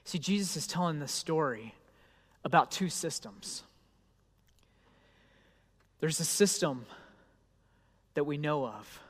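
A man preaching a sermon, telling a story in a conversational voice that swings between loud and hushed. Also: on the high side, expressive, takes it slowly, long pauses, big-room sound. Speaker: pastor.

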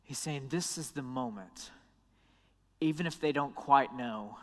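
A man preaching a sermon. He often drops into a soft, low voice when he quotes someone. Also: a little slow, long reverb tail. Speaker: pastor.

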